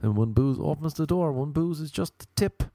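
A man's voice: a little high, expressive, moderate pace, mellow, dry recording. A young man hosting a podcast, rambling through comic stories, swearing freely and acting out the voices in them. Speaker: podcast host. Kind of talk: casual comedic monologue.

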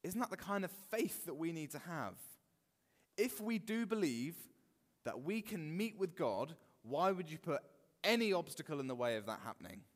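A man preaching a sermon in a church, animated and expressive. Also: a little high, moderate pace, in a large hall. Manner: animated, acts out quoted voices. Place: church hall.

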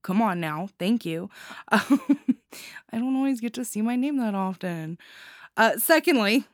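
A woman giving casual spoken reviews of anthology stories, giddy and quick to laugh, sometimes stumbling over her words. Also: on the high side, lively intonation, no echo, clean studio sound.

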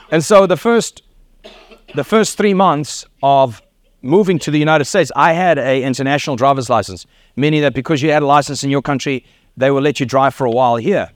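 Brief: South African man in his middle years, sermon storyteller, slightly high voice, dry close sound. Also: dry recording. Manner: storytelling with laughs and acted quotes. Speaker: pastor.

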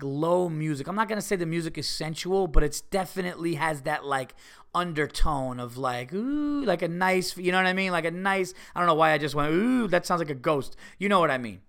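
A man hosting a podcast, a comedian telling a rambling, animated story with many fillers and restarts. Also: medium pitch. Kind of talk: casual storytelling monologue.

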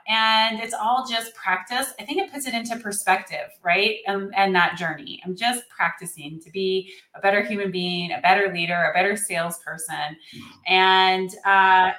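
Bright upbeat woman interviewer. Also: medium pitch, normal speed, echoey room. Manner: upbeat, laughs often, fillers. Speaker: podcast host. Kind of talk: conversational interview.

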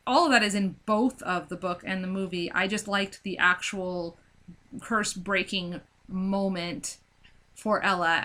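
A woman in casual chat about a book and its film, animated and acting out scenes with lots of filler words. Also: medium pitch. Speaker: book discussion co-host.

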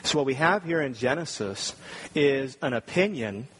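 A man's voice: mid-range voice, animated, normal speed, fairly bright tone, slight background noise. A man preaching a sermon, earnest and building to emphatic points. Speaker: pastor.

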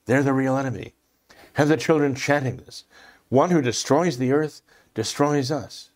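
A man speaks in impassioned commentary, hammering each point by repeating it. He clears his throat often between phrases. His voice sits at a middle pitch. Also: moderate pace. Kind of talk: religious commentary discussion.

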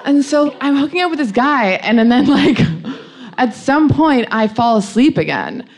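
A woman's voice: high voice, very animated, moderate pace. A young adult woman frankly telling a personal anecdote in a chatty way, laughing often and saying "like" a lot. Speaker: storyteller.

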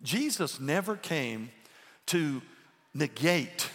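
A man preaching a sermon to his church, firing rhetorical questions and swinging between loud and hushed delivery. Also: on the high side, expressive, very slow, in a large hall. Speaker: pastor. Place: church sanctuary.

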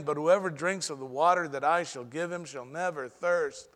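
A man preaching a sermon as pastor, with dramatic pauses and sudden swings between soft and loud delivery. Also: on the high side, in a large hall.

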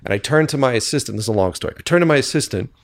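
A man recounts a chaotic day on his film set as a podcast guest, animated and casual and quick to curse. His voice sits in a middle register for a man. The sound is dry and close, with no room echo. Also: mid-range voice. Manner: animated storyteller who swears freely and acts out quoted dialogue. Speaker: filmmaker guest. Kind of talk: casual anecdote telling.

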